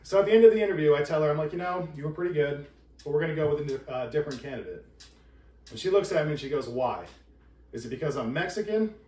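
A man's voice: a little high, rapid-fire, mellow. A man doing a stand-up set in a living room, telling a joke story with confident punchlines. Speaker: stand-up comedian and game contestant. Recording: echoey room from far off.

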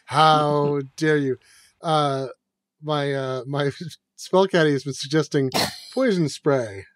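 A man's voice: fairly high pitch, slow pace, dry recording, clean studio sound. A man playing a tabletop game, jokey and self-deprecating. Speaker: player. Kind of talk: casual tabletop play.

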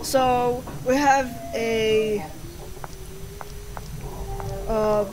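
A woman's voice: a little high, steady tone, very slow, noisy background. A woman giving casual let's-play commentary on a horror game, reading its text aloud, laughing often and swearing over game music.

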